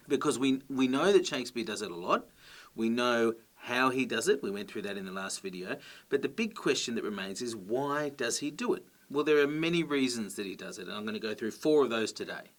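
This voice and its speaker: A man teaching a grammar lesson, explaining clearly and patiently and checking in with his listeners. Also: medium pitch.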